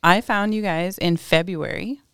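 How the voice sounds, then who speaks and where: Lower-voiced chatty woman guest. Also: fairly even intonation, measured pace, fairly bright tone, clear, resonant tone, dry recording. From Alaska. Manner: chatty, enthusiastic, lots of "like". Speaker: podcast guest. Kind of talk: casual chat.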